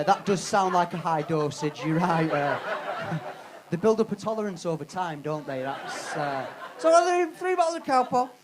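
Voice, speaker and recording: A man's voice: high voice, background noise. A man doing live stand-up on a comedy club stage, brash and sweary, teasing the crowd.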